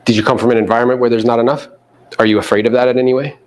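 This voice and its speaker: A man coaching real estate agents in a live seminar, animated, acting out quotes and swearing casually. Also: mid-range voice, racing. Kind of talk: live seminar talk to an audience.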